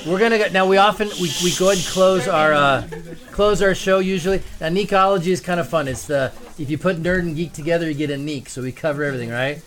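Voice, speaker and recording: Fields: Sex: man. Role: podcast co-host. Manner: upbeat, rambling. Behind: loud crowd. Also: a little high, quick pace. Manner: upbeat, rambling, many fillers. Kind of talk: live show hosting. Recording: live room with crowd noise.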